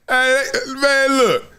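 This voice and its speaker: A man hosting a live sports talk show, telling stories with lots of laughter and acting out the people he quotes. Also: extremely high pitch. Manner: animated storytelling, acts out quoted voices; laughs often between remarks. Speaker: show host.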